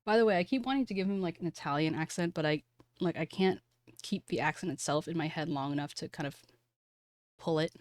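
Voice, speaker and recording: Chatty woman streamer, low voice. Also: fairly quick, no room sound. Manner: chatty, self-deprecating asides to chat. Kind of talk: casual gaming stream chat. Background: game music.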